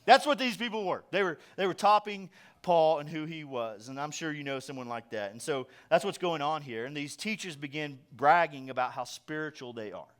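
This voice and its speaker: A middle-aged man delivers a sermon as pastor, with a voice that sits a little higher than most men's. He talks to the congregation in a loose, conversational way, tossing in jokes and acting out quick bits of dialogue. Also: animated, a bit bright. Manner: conversational, joking preaching with acted-out quotes.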